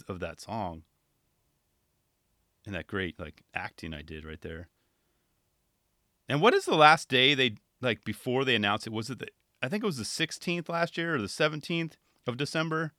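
A man from California commenting on a skate video in a casual, animated, chatty way, laughing often. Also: medium pitch, dry recording, clean studio sound. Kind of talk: casual chat.

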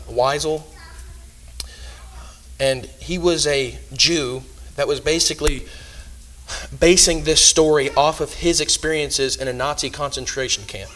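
A man preaching a sermon in earnest, swinging between loud emphasis and hushed asides. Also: medium pitch, poor audio.

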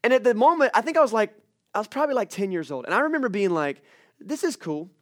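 A young male pastor preaching with a high, light voice and a casual, storytelling manner. He acts out little scenes and screams as he goes. The sound is dry and close. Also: big pitch swings, racing, dry recording. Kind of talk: sermon.

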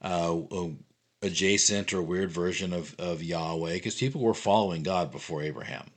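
A man co-hosting a casual Bible discussion podcast, playful and animated as he reads scripture aloud. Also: deep voice, normal speed. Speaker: podcast co-host.

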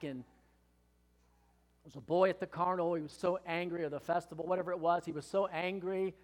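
A high-voiced older man in his sixties preaching with earnest, emphatic conviction. His voice carries a long hall reverb, and his sermon swells into impassioned pleas. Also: fairly even intonation, moderate pace. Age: 60s. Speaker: pastor. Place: church hall.

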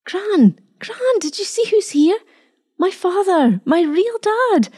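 A woman voicing an excited, eager little boy in a storybook reading, breathless with excitement. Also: on the high side, moderate pace, pitched above the performer's own voice.

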